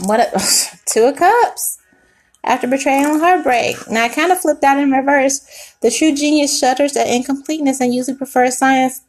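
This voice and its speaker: High-voiced woman giving a tarot reading. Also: darkish tone. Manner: emotional, swearing, talks to the viewer as baby and sweetheart. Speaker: tarot reader.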